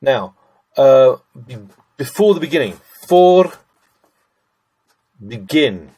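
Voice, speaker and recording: A man's voice: medium pitch, very animated, slow, dark tone, breathy edge. A middle-aged man teaching German grammar, chatty and thinking aloud as he works through sentences, addressing listeners as ladies and gents. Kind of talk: screen-recorded grammar lesson.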